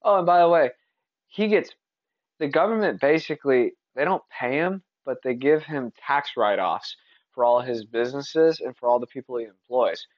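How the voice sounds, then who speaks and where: Male podcast host from Texas, mid-pitched, opinionated and rambling, on a dull, dry mic. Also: expressive, normal speed, dry recording. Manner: opinionated, rambling, with frequent restarts. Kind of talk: casual solo podcast commentary.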